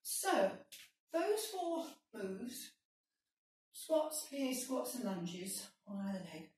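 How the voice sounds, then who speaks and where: A woman's voice: fairly high pitch, big pitch swings, drawn-out words, darkish tone, very echoey, distant mic, rough recording. Woman talking thru squats and lunges, encouraging, slightly out of breath, faint hum behind. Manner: encouraging, counting reps while exercising. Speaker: fitness instructor. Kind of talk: workout instruction.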